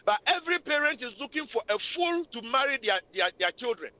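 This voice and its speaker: A woman's voice: fairly high pitch, sing-song, a little fast, bright, forceful tone. A woman hosting a radio talk show, scolding and preaching relationship advice in a repetitive, impassioned way. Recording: lo-fi radio recording.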